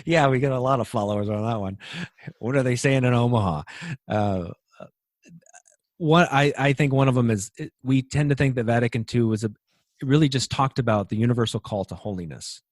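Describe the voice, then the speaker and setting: A man with a voice of middling pitch who hosts a casual faith discussion. He leads it in a relaxed, folksy manner and reaches for homely sayings. The sound is dry and close, with no room sound. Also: a little fast, dry recording. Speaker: podcast host.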